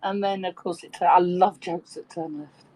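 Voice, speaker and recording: A woman telling a joke with lively, animated delivery and some swearing in a casual online chat. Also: on the low side, moderate pace, very noisy. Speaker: participant in an online audio chat room.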